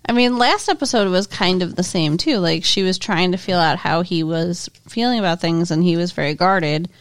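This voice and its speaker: A woman's voice: on the low side, normal speed, no room sound, studio quality. A woman co-hosting a podcast, chatting frankly and casually about a TV episode, laughing often. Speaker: podcast co-host. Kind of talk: casual chat recapping a TV episode.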